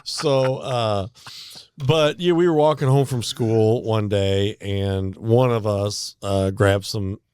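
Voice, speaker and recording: A man's voice: on the low side, steady tone, slow, darkish tone, clean tone, no echo. Middle-aged man rambling through a story. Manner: rambling, laughing storyteller with many fillers. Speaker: podcast co-host. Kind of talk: casual storytelling chat.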